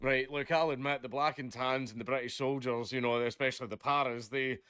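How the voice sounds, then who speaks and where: A man's voice: mid-range voice, steady tone, fairly quick, a bit bright, smooth, no room sound. Guy ranting on a stream, says basically and right a lot, swears loads, dry close mic. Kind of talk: casual ranting chat.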